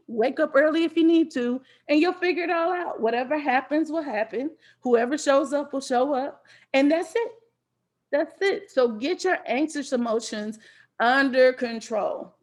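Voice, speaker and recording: A woman giving a casual motivational talk at a wellness conference, chatty and down to earth, sometimes acting out anxious voices. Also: fairly high pitch. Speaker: conference speaker.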